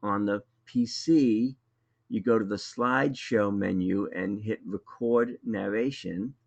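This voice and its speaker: A man with a Boston accent walks through a live webinar tutorial, speaking into a computer mic. His voice sits a little low, and his delivery is relaxed and conversational, with a scattering of ums. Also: takes it slowly, creaky, highs cut off. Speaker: webinar presenter.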